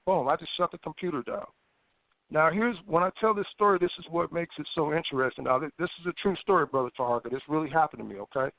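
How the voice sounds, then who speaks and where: A man, a guest on a phone interview, telling a personal story in a lively way, with stammered restarts and acted-out thoughts. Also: a little high, fast, gravelly, dry recording. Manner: animated, stammering restarts, acts out his own past thoughts. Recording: tinny phone line, dry.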